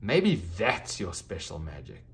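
A man voicing an excited, shy little girl in a children's storybook reading, high and eager. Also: takes it slowly, heavily acted. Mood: warm.

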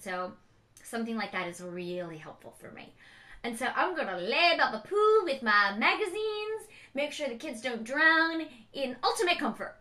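A middle-aged woman rambles in a casual vlog, frank and emotional as she talks. Her voice sits a little high and sounds bright and clear. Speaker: beauty vlogger, mother. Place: home.

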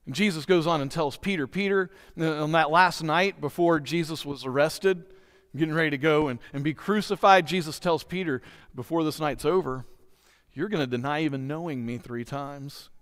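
A man's voice: on the high side, normal speed, fairly bright tone, smooth. A man preaching a sermon as pastor, earnestly asking his congregation direct questions. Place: church sanctuary. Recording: long hall reverb in a church.

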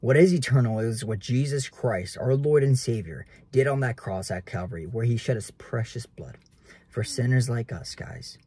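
Young man, earnest casual preacher, mellow husky voice, talks straight to viewers. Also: medium pitch, normal speed. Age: 20s. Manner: earnest, keeps addressing viewers as guys. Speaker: realtor vlogger.

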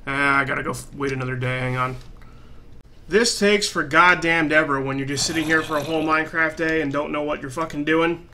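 High, bright-voiced swearing male gamer. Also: steady tone, fairly quick, slight background noise. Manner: swears a lot, flares into loud frustrated outbursts. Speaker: let's play gamer. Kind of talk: gameplay commentary.

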